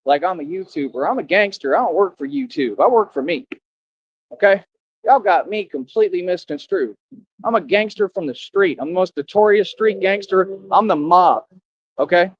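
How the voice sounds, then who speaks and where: A man's voice: high voice, dry recording, dull audio. A man vlogging outdoors, boasting and confronting his viewers in slang-heavy street talk.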